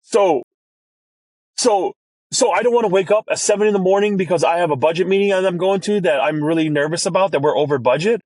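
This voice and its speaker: A chef talking as a podcast guest, telling an emotional family story earnestly, with many restarts. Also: male voice, fast talker, a little mellow, no room sound. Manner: earnest, many restarts, rises in pitch when moved.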